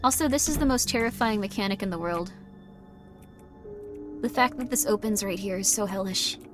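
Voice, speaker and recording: A woman livestreams a horror game, chatting, reacting, and joking along, then erupting in sudden loud outbursts. Her voice is mid-range and moderately paced, with music playing in the background.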